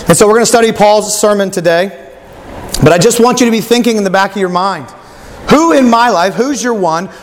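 A man's voice: sits high, big-room sound, a little hiss or hum. A male pastor preaching a sermon, telling a story and acting out its voices.

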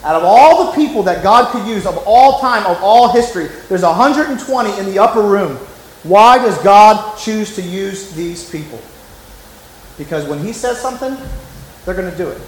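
A man's voice: sits high, animated, brisk, darkish tone, reverberant, poor audio. A man preaching a sermon as pastor, emphatic and conversational, often acting out the voices he quotes.

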